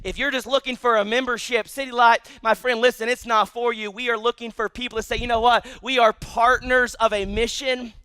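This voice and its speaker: A middle-aged man preaching a sermon to a church congregation, animated and full of restarts, acting out quotes as he goes. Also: extremely high pitch, brisk, hardly any pauses, smooth, no room sound. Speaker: pastor. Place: church service.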